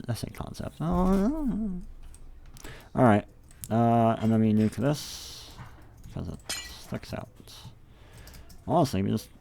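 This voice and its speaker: Gravelly young man rambling as he builds. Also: fairly low pitch, dark tone, slight background noise. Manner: rambling, profane, self-talking. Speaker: game level builder. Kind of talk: casual thinking aloud while working.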